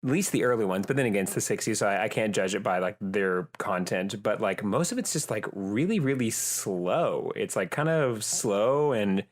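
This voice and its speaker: Young male podcast co-host, lower-pitched, rambling and filler-heavy, casual. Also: animated, moderate pace, hardly any pauses. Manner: rambling, many fillers and restarts. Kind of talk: casual chat.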